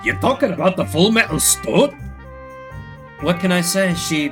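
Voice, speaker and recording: A man's voice: sits high, animated, normal speed, over music, voice pushed up. A man voicing a cheeky young male red squirrel bard who talks back in an earnest, joking way.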